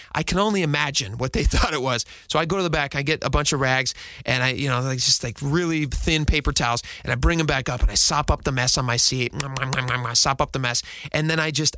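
A married man hosting a radio show, telling a self-mocking story in a casual, animated way and laughing now and then. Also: a little high, no room sound. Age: adult, married.

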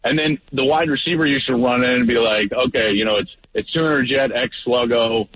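A man who is a guest on a radio sports talk show, telling a story in a lively, animated way that gets loud at its peak. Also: mid-range voice, brisk. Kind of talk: animated storytelling in casual chat. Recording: dull lo-fi radio audio, faint noise.

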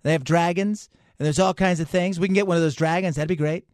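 A man's voice: fairly high pitch, quick pace, dry recording, studio quality, natural voice. A male radio host doing a comic impression of a blustering president who rambles and repeats himself. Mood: rambling. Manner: rambling, excitable, repeats itself. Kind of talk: talk radio comedy bit.

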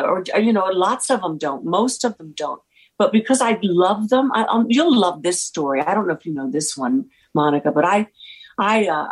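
A woman speaks in a slightly low register as an interview guest. She tells faith stories with earnest warmth and animated retellings of dialogue. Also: slightly rough, poor audio. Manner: earnest, animated storyteller acting out quoted dialogue. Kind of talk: faith-focused interview storytelling.

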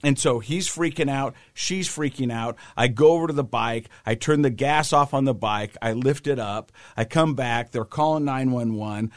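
A man's voice: mid-range voice, moderate pace, hardly any pauses, no echo, clean studio sound. A man co-hosting a casual talk show, telling a story with energy and acting out the people in it. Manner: animated storyteller, acts out the people in his story. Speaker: co-host. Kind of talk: casual chat.

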